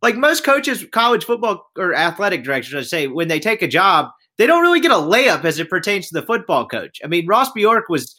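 Lively high-voiced man in sports chat. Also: fairly quick, hardly any pauses. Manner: animated, asks leading questions. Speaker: podcast co-host.

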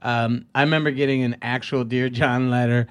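A man's voice: mid-range voice, fairly even intonation, moderate pace, smooth. A man in his fifties, a comedian chatting casually on a podcast, rambling and restarting, laughing often. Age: 50s. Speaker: guest comedian.

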